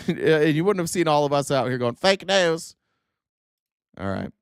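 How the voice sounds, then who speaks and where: A man's voice: fairly high pitch, very animated, fairly quick, vocal fry, smooth, no echo, studio quality. A man hosting a political commentary livestream, ranting with exasperation and profanity as he reads out quotes and mocks them.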